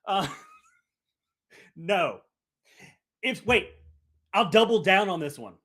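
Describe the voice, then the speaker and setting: A man co-hosting a casual podcast, talking in an animated, dramatic, self-mocking way. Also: high voice, slow pace. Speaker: podcast co-host.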